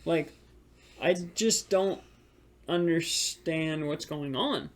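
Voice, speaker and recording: A man's voice: fairly high pitch, slow pace. A young man co-hosting a podcast, telling a frustrated story about work in a rambling, casual way full of filler words. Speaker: podcast co-host.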